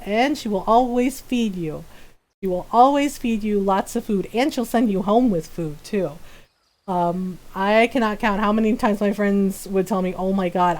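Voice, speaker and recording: A woman's voice: medium pitch, a little mellow. A middle-aged woman streaming a game, chatting casually, often laughing and acting out what people said. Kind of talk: casual chat while gaming.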